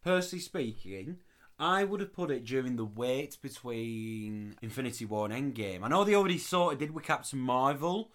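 A man with a very lively, up-and-down voice, co-hosting a relaxed podcast chat. He agrees easily, laughs often and keeps restarting his sentences as he talks. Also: medium pitch, normal speed. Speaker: podcast co-host. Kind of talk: casual chat.

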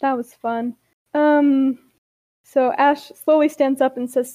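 A woman's voice: high-pitched, steady tone, a little slow, warm tone, dry recording. A woman co-hosting a podcast, chatting casually with lots of fillers and then reading a story aloud. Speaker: podcast co-host and story reader.

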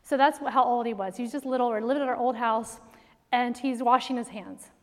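A middle-aged woman with a high voice tells stories to a room of mothers in a lively, faith-based talk. She laughs often and keeps things animated. Her voice rings with the long reverb of a large hall. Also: fairly quick. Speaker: speaker to moms.

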